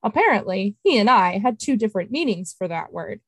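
A woman podcast host reading an excerpt of her fantasy novel in steady, clear storytelling. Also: medium pitch, fairly quick, dry recording.

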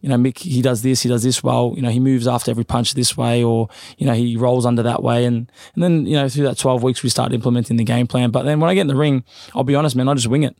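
Male boxer, rapid casual speech, dry recording. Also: mid-range voice, steady tone, darkish tone, no room sound. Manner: rapid, loose, repeats fillers. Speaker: professional boxer, guest. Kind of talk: casual interview chat.

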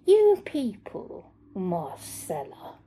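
A spoiled, crude teenage boy who shouts, swears and threatens, as a woman voices him in a reading. The voice is husky and mellow, with sudden loud outbursts. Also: mid-range voice, huge pitch swings, extremely slow, full character voice. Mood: sneering, threatening.

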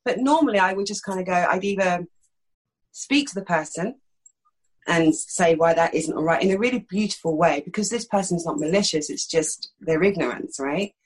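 A middle-aged actress from East London with a slight lisp, telling frank, animated stories in a candid interview. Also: female voice, on the low side, moderate pace, husky, poor audio. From East London, England. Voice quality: slight lisp that sometimes creeps in. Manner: frank, animated storytelling with many fillers.

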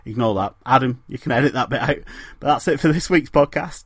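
A man's voice: mid-range voice, expressive, fairly quick, hardly any pauses, a bit bright, no echo. A man hosting a football podcast, closing the show with wry jokes and laughter. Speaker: podcast host. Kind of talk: casual chat.

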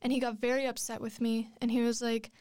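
A woman's voice: fairly high pitch, flat delivery, fast talker, a little mellow, clear, resonant tone, no echo, clean studio sound. A woman in her twenties telling a long personal story in a casual chat, rambling with many fillers and restarts. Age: 20s.

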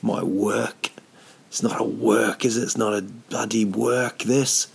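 A man's voice: fairly low pitch, fairly even intonation, slow pace, creaky, breathy edge. A man, a touring comedian, talking at home in a casual, rambling monologue, hesitant with many ums and dry self-mocking humour. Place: at home, sitting indoors.

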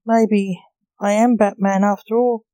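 A woman's voice: medium pitch, fairly even intonation, measured pace, warm tone, dry recording, clean studio sound, lightly acted. A woman voicing a nervous, easily laughing male grim reaper king in a storybook reading. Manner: nervous and giggly.

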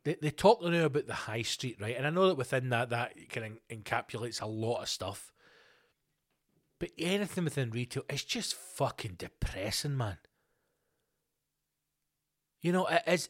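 A middle-aged Scottish man hosting a podcast, ranting alone in a sweary, animated, storytelling way. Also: medium pitch, normal speed. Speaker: podcast host. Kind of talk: casual solo rant.

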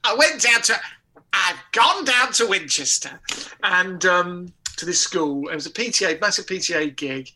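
A man telling a comic anecdote in a lively, casual way, with restarts and laughter. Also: high-pitched, moderate pace. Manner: animated storytelling with laughter and restarts. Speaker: guest comedian. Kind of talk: casual anecdote on a talk show.

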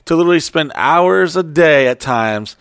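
A man's voice: on the high side, animated, moderate pace, a bit bright, clean tone, dry recording, clean studio sound. A man co-hosting a podcast, ranting angrily with lots of swearing in casual chat. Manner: angry ranting, heavy swearing. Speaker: podcast co-host.

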